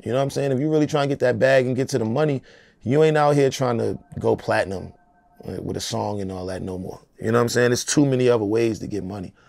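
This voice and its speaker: A man's voice: mid-range voice, fast, gravelly, darkish tone, dry recording. A man in his forties, a rapper being interviewed, talking in a casual, profane, streetwise way and often adding "you know what I'm saying".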